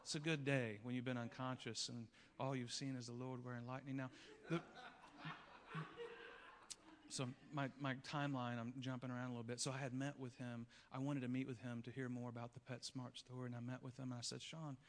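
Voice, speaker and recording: A man pastor preaching a sermon, telling a story with acted-out voices and building to loud peaks. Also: mid-range voice, fairly even intonation, brisk. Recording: long reverb of a large hall.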